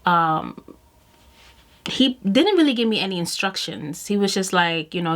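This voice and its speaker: A woman's voice: mid-range voice, unhurried. A woman beauty vlogger telling a personal story in a casual, chatty way to camera, often acting out what she and others said. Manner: chatty and animated, quoting herself and others. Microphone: camera mic while doing makeup.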